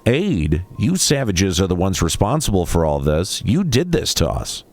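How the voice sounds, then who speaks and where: A man's voice: sits low, wildly swooping pitch, normal speed, darkish tone, heavily acted. A man reading as a wary, haunted young woman.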